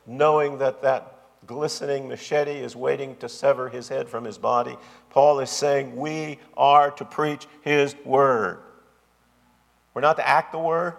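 A man's voice: on the high side, creaky. A man preaching a sermon as pastor, with an emphatic, repetitive cadence. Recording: long hall reverb.

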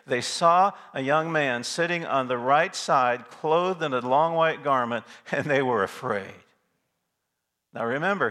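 A man's voice: mid-range voice, fairly bright tone. A male pastor preaching a sermon in an emphatic way, stopping to ask his listeners rhetorical questions.

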